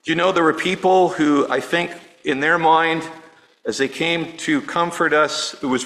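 Middle-aged guy preaching, bright forceful voice, earnest and personal, goes quiet on the sad parts. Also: a little high, steady tone, moderate pace, rough recording. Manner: earnest, personal, softening to near-hush on grief. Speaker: pastor. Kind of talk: sermon.

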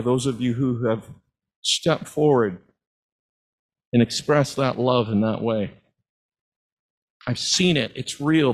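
A man's voice: mid-range voice, low-quality recording. A middle-aged man preaching, telling personal stories as testimony in an earnest, heartfelt way. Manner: earnest storytelling, at times moved to tears.

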